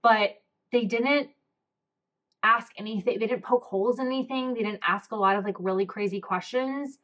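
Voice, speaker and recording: A woman's voice: fairly high pitch, normal speed, a bit bright. A young woman hosting a podcast, telling a personal story in a candid, emotional way, with many fillers and close to tears. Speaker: podcast host.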